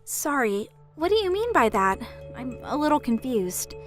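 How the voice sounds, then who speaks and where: A woman acts out a gentle young pregnant woman in a drama. She answers politely and a little hesitantly in a high voice. Faint music runs under her lines. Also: very animated, moderate pace.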